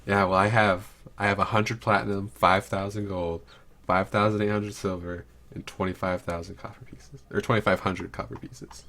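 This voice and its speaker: A man's voice: fairly low pitch, fairly even intonation, normal speed, fairly bright tone, slight background noise. A man playing a tabletop game with friends, casual and laughing, slipping into in-character lines. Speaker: player. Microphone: home mic on a livestream.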